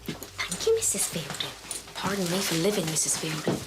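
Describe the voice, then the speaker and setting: A cheeky, nosy friend. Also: female voice, on the high side, animated, normal speed. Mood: sarcastic. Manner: blunt, teasing, chatty. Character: cheeky gossipy woman friend, nosy and blunt. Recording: TV drama soundtrack with background noise.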